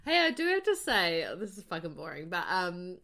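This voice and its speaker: A woman co-hosting a podcast in casual chat, relaxed and giggly, sometimes swearing. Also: lowish voice, normal speed, creaky. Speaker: podcast co-host.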